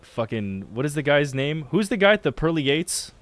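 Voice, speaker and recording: A man's voice: fairly high pitch, big pitch swings, normal speed, fairly bright tone, no room sound. A young adult man telling stories in casual chat, joking and crude, loose and rambling. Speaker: video editor and co-host.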